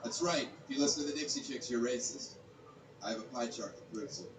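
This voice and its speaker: A man doing stand-up, delivering dry deadpan one-liners. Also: mid-range voice, a little fast, roomy sound, recorded from a distance, background noise. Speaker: stand-up comedian. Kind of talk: stand-up set.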